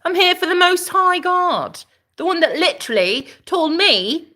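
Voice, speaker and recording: A woman's voice: very high-pitched, big pitch swings, a little slow, pushed and bright. A woman chatting casually on a live stream, sassy and laughing often as she talks back to her viewers. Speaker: spiritual streamer.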